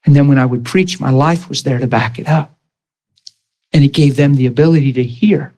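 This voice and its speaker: Briskly and warmly, a medium-pitched pastor narrates a personal story during his sermon, acting out the dialogue with rising and falling pitch. The recording is rough.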